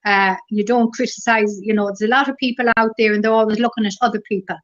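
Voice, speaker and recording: A middle-aged woman with an Irish accent, a guest in a casual interview, telling stories gently and rambling through lots of fillers. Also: medium pitch, steady tone, fast. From Ireland. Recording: dull lo-fi recording.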